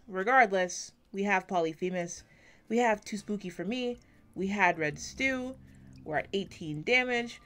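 Bright-voiced woman rambling over gameplay. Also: medium pitch, measured pace. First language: English. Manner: rambling, self-deprecating, swears often, swings between quiet and loud. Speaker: gaming YouTuber. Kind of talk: casual gameplay commentary. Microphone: close desk mic.

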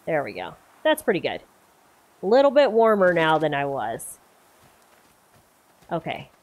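A woman's voice: sits low, wildly swooping pitch, unhurried, phone-quality sound, faint music behind. A woman streamer giving casual, chatty let's-play commentary, talking to herself as she plays. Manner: chatty, talks to herself while playing. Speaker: gaming streamer.

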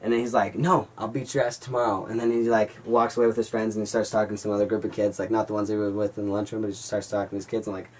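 A young man vlogging, telling a story to his viewers in an animated way and calling them guys. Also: lowish voice, rapid-fire, hardly any pauses, recorded from a distance. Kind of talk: storytelling vlog.

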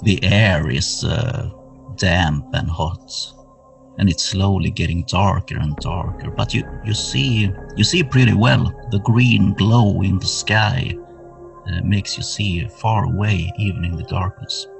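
A man narrating a horror tabletop game as game master, setting each scene slowly and atmospherically. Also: deep voice, creaky. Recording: somewhat distant mic with music underneath.

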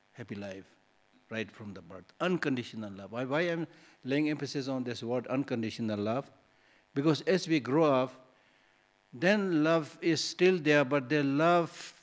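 A male Buddhist teacher giving a dharma talk in a hall, conversational and teasing, full of rhetorical questions. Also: mid-range voice.

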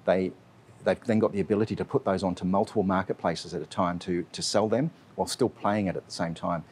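A man speaks quickly in a very deep voice, answering interview questions as a strategy officer. He hesitates often and fills gaps with ums and uhs. A faint noise hangs underneath the recording. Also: steady tone, darkish tone. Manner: hesitant, heavy with fillers.

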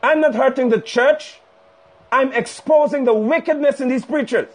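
A man's voice: very high voice, normal speed. A male preacher delivering a fiery, scolding sermon live over a phone stream. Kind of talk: sermon on a livestream. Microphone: phone livestream.

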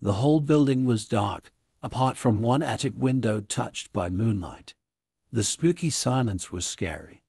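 Husky male story narrator. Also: medium pitch, lively intonation, unhurried, a little mellow, no room sound, clean studio sound. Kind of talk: scripted narration for English learners.

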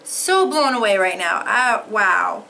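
A woman opening fan mail on her vlog, gasping and excitable, swearing freely in casual chat, overwhelmed with emotion. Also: medium pitch, takes it slowly, vocal fry, slight background noise.

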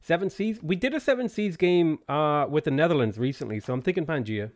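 A man's voice: a little high, expressive. Guy streaming a game, reading off chat names and saying hi, voice bouncing up and down a lot, loose and chatty. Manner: greets chat viewers by name between game setup remarks; quick offhand answers to viewer questions. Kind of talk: casual live-stream chat.

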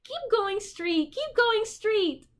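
A woman voicing a small furry male demon who is sniveling and insecure, with a whiny, high-jumping voice. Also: sing-song, takes it slowly, fairly bright tone, full character voice. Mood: teasing. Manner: pitch jumps high, whiny and sobbing.

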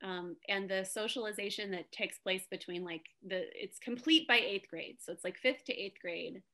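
A woman with a bright, clear voice speaks as a guest on a video call. She sounds encouraging and chatty and often stops to add affirming fillers. The sound comes through a computer microphone. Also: mid-range voice, normal speed. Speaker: guest speaker, improv coach. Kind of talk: casual video-call talk.

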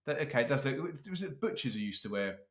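A man hosting a casual chat, teasing his co-host in a playful, brisk way. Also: medium pitch, very animated, a bit bright, roomy sound. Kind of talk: casual chat ranking football kits.

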